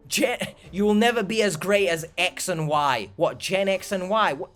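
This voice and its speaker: A man's voice: high-pitched, measured pace, fairly bright tone. A young man in a casual reaction vlog, sarcastic and rambling, exasperated by what he reads. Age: young adult. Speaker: YouTuber reacting to comments.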